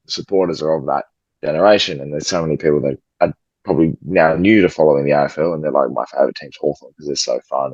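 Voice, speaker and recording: A man co-hosts a football podcast in casual banter, cheeky and mock-pompous, and swears freely. His voice sits very low and has a husky grain. The recording is dull and lo-fi on a home mic, with a dry sound. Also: dry recording. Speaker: podcast co-host.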